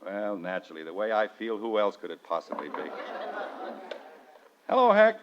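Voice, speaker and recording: An exasperated sitcom dad. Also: male voice, fairly low pitch, huge pitch swings, normal speed, some chatter behind. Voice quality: dry sarcastic. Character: exasperated middle-aged family father, sardonic. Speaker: radio sitcom lead actor. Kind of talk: 1940s radio acting. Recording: dull old radio broadcast with hiss.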